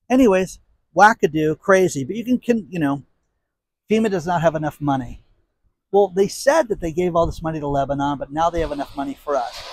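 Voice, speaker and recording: A man's voice: fairly high pitch, slight background noise. A man hosting his own commentary channel, ranting outdoors in a heated, exasperated way with sarcastic asides. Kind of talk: angry commentary rant.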